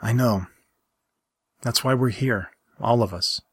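A man reading a story aloud and voicing a gentle, teasing young man who is a lover. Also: mid-range voice, slow pace, breathy edge, no echo.

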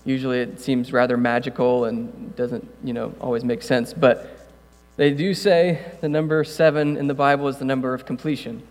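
A male pastor giving a casual sermon, talking conversationally with jokey asides and building to loud, passionate preaching. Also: mid-range voice, flat delivery, normal speed. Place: church room. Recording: long hall reverb, mains hum.

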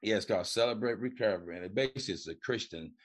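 Man, middle-aged, low-pitched, casual storytelling, colloquial, acts out quotes. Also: racing. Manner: colloquial, repeats "man" and "you know". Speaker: recovery coach and podcast guest.

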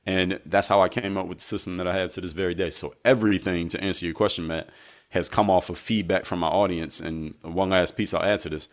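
Brief: male guest with a very low voice, a measured and reflective storyteller in an interview. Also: steady tone. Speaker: guest, basketball coach.

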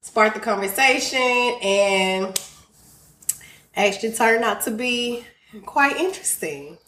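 A woman's voice: medium pitch, animated, slow pace, fairly bright tone, echoey room, a little hiss or hum. A woman guest on a podcast, chatting casually and giving blunt, emphatic advice. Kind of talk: casual chat.

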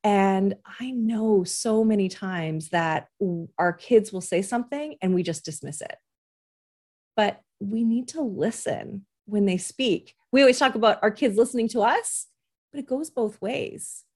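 A woman's voice: medium pitch, a little slow, a little mellow. A woman in her forties, a parent coach hosting a podcast and giving earnest, reassuring advice, who often acts out what parents and children say.

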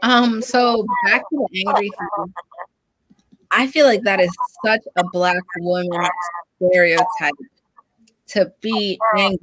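A woman's voice: mid-range voice, unhurried, fairly bright tone, husky, no echo, poor audio. A woman in a group discussion, speaking frankly and emphatically and mixing in quoted asides. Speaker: discussion participant.

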